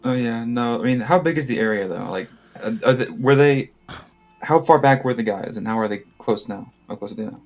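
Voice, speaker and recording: A man's voice: medium pitch, a little fast, faint music behind. A man playing a tabletop game, thinking aloud and asking questions in casual talk. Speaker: player.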